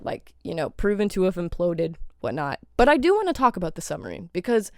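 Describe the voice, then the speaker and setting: A woman's voice: on the low side, big pitch swings, brisk, darkish tone, dry recording, clean studio sound. A young woman hosting a podcast, ranting in casual commentary with heavy swearing and rhetorical questions. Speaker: podcast host.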